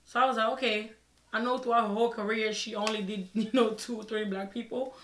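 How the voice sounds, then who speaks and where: A woman's voice: fairly high pitch, brisk, a little hiss or hum. Young woman vlogging a story, acts out what she said back then, sounds like an echoey room. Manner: expressive, re-enacts her own side of the conversations. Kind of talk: storytime vlog.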